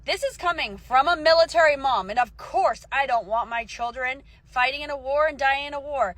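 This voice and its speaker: A woman's voice: sing-song, a bit bright, no echo. A woman who calls herself a military mom, delivering an angry, profane vlog rant. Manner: profane, heated, rapid shifts in pitch.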